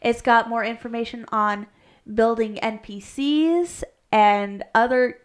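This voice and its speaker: A chatty woman on a casual podcast, her voice sitting a little high for a woman. She rambles through game lore with frequent restarts and quick laughs. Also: clear, resonant tone. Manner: rambling, self-correcting, laughs often. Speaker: podcast co-host, game master. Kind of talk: casual chat.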